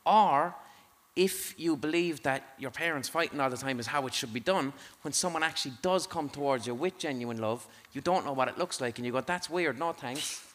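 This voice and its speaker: A man's voice: mid-range voice, a little fast, few pauses. Sweary man hosting on stage. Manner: sweary, jokey and animated. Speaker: podcast host. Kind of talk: live podcast chat on stage. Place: theatre stage before a live audience.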